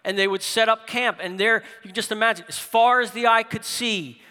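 A middle-aged man preaching a sermon as pastor, telling stories with big swings between loud emphasis and hushed asides. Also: high voice, fairly even intonation, fairly quick, clear, resonant tone. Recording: long hall reverb.

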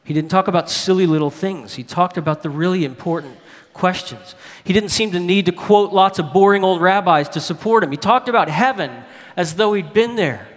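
A man's voice: high-pitched, brisk, lightly acted. A man voicing a young boy who tells his uncle a story in a plain, chatty letter. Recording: long hall reverb.

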